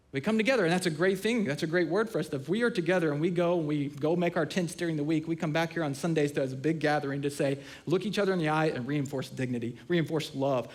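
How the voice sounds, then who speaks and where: Middle-aged male pastor, high voice, lively humorous sermon delivery. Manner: animated, humorous storytelling with acted-out quotes.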